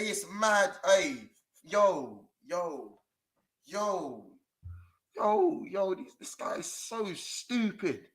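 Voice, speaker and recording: A young man with a London accent rants to camera about his team, swearing and piling on street slang. His voice sits high and comes across bright and sharp, restless with anger. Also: rough recording. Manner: furious, swearing, slang-heavy rant. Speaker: fan channel presenter. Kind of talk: angry fan rant to camera. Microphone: camera mic.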